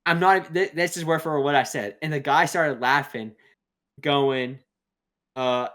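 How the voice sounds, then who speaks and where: A man's voice: on the high side, a little slow, fairly bright tone. Rambling, swearing young man. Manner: rambling storyteller, swears freely, laughs at own stories. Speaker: podcast co-host. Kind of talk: casual chat.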